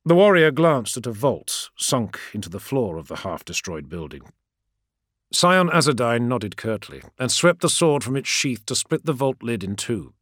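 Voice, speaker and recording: A man narrating an action novel in a measured, dramatic way. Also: mid-range voice, big pitch swings, a bit bright, dry recording, clean studio sound. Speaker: audiobook narrator. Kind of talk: scripted narration.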